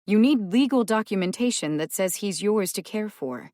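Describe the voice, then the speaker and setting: A woman's voice: medium pitch, expressive, normal speed, a little mellow, dry recording, studio quality, voice pushed up, natural voice. A woman narrating an audiobook, voicing a stern, practical woman who speaks in a firm, lecturing way. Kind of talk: audiobook character voice.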